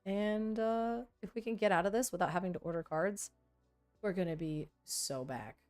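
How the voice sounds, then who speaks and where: A woman's voice: medium pitch, normal speed, darkish tone, soft background music. A woman vlogger chatting casually and thinking aloud while she sorts trading cards, often poking fun at herself. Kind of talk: casual chat while working.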